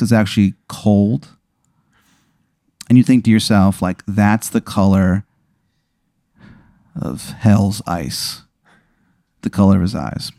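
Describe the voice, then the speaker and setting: Mellow low-voiced man narrating a game. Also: vocal fry, no room sound, studio quality. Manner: laid-back, rambling, lots of fillers. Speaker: game master.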